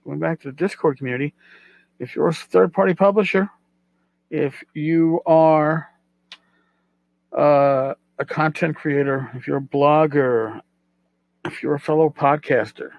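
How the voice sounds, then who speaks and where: A man's voice: on the high side, vocal fry, dry recording, dull audio. A middle-aged man hosting a casual solo podcast, rambling and self-deprecating, repeating his words as he goes. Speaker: podcast host.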